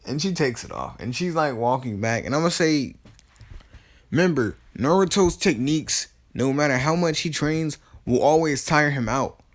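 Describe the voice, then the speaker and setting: A man's voice: fairly high pitch, lively intonation, normal speed. A man casually telling a fan-made story, rambling with many fillers, restarts and casual swearing.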